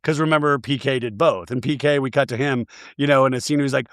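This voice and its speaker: A man hosting a podcast, recapping reality TV in an animated, sarcastic way, swearing and acting out the cast's lines. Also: medium pitch, fast, few pauses, no room sound, clean studio sound. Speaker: podcast host.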